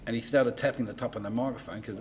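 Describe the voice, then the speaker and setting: An older man with an Australian accent, a podcast guest telling lively backstage anecdotes and acting out the dialogue. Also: mid-range voice, fast talker, slight background noise. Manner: animated anecdote-teller, acts out dialogue in raised voice. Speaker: guest, entertainment promoter. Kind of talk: casual storytelling on a podcast.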